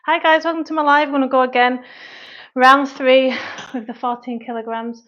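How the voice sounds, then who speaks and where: A woman's voice: sits high, steady tone, moderate pace, fairly bright tone, dull audio. A woman with a Mancunian-Lancashire accent, a personal trainer chatting through a live workout, out of breath and sighing between sets. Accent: Mancunian-Lancashire English. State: out of breath from exercise. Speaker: personal trainer and online fitness coach.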